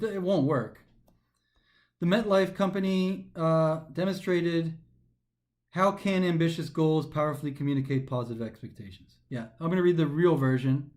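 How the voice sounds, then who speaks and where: A male instructor walking through practice test questions, reading passages aloud and then thinking them through. His voice sits a little on the high side, and he talks in an animated, lively way.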